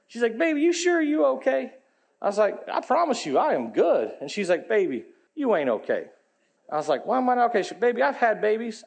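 A pastor, telling a humorous personal story in a folksy, animated sermon. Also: male voice, very high-pitched.

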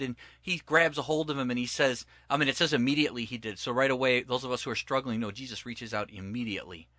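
A man's voice: medium pitch, pushed and bright, dry recording. A man teaching from the Bible in conversation, emphatic and preacher-like, retelling scripture stories and acting out the quotes.

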